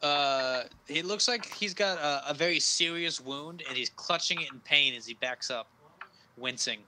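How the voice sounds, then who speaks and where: Bright-voiced man running a tabletop game. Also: a little high, slight background noise. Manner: halting, with frequent uh fillers. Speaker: game master.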